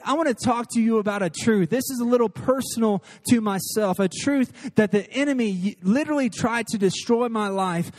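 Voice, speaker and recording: A man in his thirties preaches to his congregation with a notably high voice. He talks with earnest energy, rushing through asides and then slowing right down to hammer home key lines. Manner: earnest and animated, shifting between quick asides and slow emphatic lines. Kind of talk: sermon. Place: church service before a crowd.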